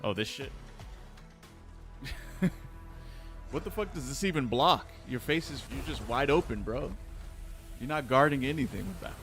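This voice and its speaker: A man's voice: medium pitch, lively intonation, brisk, fairly bright tone, soft background music. A man streaming and chatting casually, laid-back and joking, swearing now and then. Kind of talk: casual live-stream chat.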